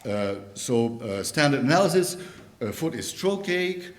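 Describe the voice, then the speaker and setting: Man giving a halting linguistics talk. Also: medium pitch, big pitch swings. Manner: halting, with many fillers and restarts. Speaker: linguistics lecturer. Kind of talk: academic conference talk. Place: university lecture room.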